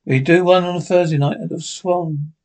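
Men with Scottish accents acting as bickering old male pensioners in a sitcom, trading quick, sweary, deadpan banter. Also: a little high, lightly acted. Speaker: sitcom characters. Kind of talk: scripted sitcom dialogue.

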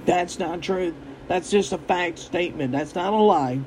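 A man's voice: sits high, a little slow, darkish tone, slight background noise, poor audio. A young man in a blunt, repetitive, emphatic monologue, giving his opinions as a commentator. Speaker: political commentator. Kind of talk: casual ranting monologue.

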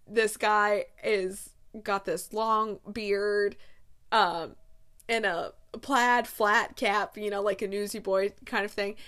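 A woman in her thirties recapping a movie in a chatty, casual way. She fills her speech with filler words and slips into quick quoted lines. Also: medium pitch, a bit bright. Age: 30s. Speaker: movie reviewer.

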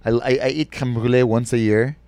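A man's voice: mid-range voice, a little fast, smooth, no room sound. A man co-hosting a casual comedy podcast, telling stories and acting out the people in them. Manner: animated storyteller, acts out quoted voices. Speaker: podcast co-host.

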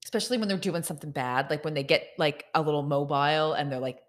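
A woman's voice: deep voice, fast talker. A woman co-hosting a podcast, chatting casually and animatedly, repeating phrases for emphasis. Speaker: podcast co-host. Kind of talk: casual chat.

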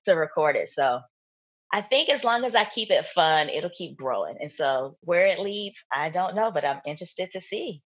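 A young woman chatting casually as an interview guest, laughing often and talking in an animated way. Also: on the low side, normal speed, husky, highs cut off. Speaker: guest, content creator.

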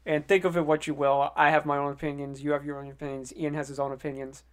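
High-voiced young man, animated chatter. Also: quick pace, smooth. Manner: animated, stammering restarts, acts out quoted voices. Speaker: podcast co-host. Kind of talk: casual chat.

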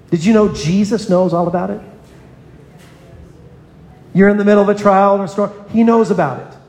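A man's voice: sits high, normal speed, long pauses, darkish tone. A man preaching a sermon in a church, earnest, calling on children in the congregation by name. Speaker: pastor. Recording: echoey hall with long reverb.

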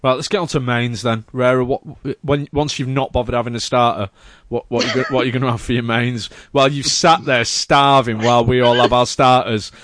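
A man's voice: medium pitch, steady tone, fairly quick, few pauses, a bit bright, no room sound. A man hosting a casual chat, rambling and searching for his words. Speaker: podcast host.

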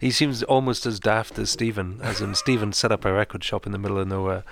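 Hosting a radio show, a man with a lowish, creaky voice talks fast as he chats casually with a co-host. He tells a relaxed story, chuckling along the way.

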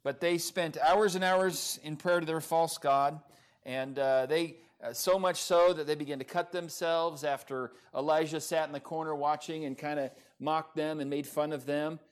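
Slightly high-voiced guy preaching a sermon, chatty, lots of uh's. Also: fairly even intonation, normal speed, clean tone. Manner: conversational, many fillers, self-described sarcastic. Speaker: pastor. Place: church in Oklahoma.

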